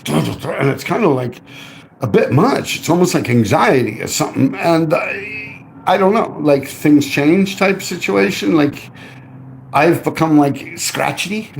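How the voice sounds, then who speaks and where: A man spins loose stories on a live stream. His voice rides high and swings widely, and a gravelly edge runs through it. His talk is salty street slang, and "man" closes line after line. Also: unhurried, slight background noise. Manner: animated, profane, street slang, keeps adding "man". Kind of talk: casual live-stream storytelling.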